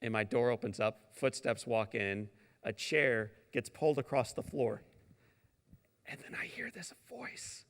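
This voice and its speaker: A middle-aged keynote speaker from St. Louis, Missouri, delivers a motivational talk in a large hall, his gravelly voice trailing a long reverb after each phrase. He tells the story dramatically and animatedly at a measured pace, swinging from loud, booming lines to hushed whispers.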